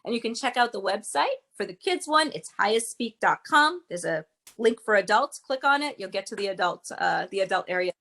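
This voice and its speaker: A woman's voice: medium pitch, very animated, brisk, fairly bright tone. A woman speaking as a guest, a public speaking coach explaining with emphatic, teacherly energy. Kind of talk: interview guest.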